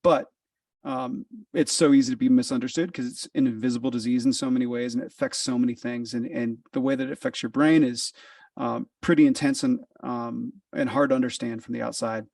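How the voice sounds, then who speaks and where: A male podcast host with a gravelly, creaky voice asks his questions in a supportive way, halting often with fillers. He sits a little back from the mic, and the recording is dry, with no room sound. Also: medium pitch, fairly even intonation, a little mellow, no echo, far from the mic. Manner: supportive, gives short verbal nods, halting with fillers. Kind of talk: interview.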